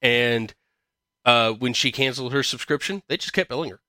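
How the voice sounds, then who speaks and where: A man's voice: medium pitch, normal speed, pushed and bright, no room sound, studio quality. A man hosting a podcast, chatting casually and reading news articles aloud, swearing freely with a sarcastic, ranting manner. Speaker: podcast host.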